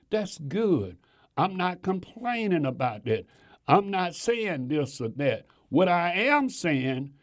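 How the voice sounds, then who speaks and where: A man's voice: fairly high pitch, darkish tone. A man preaching a sermon to his congregation, emphatic and repeating phrases for stress.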